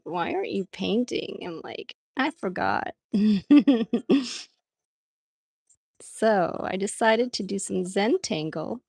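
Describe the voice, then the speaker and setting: Slow-talking woman hosting a drawing livestream. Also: medium pitch, gravelly, no echo, studio quality. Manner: chatty, laughs often, reads out viewer comments. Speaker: art livestream host. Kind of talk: casual livestream chat while drawing.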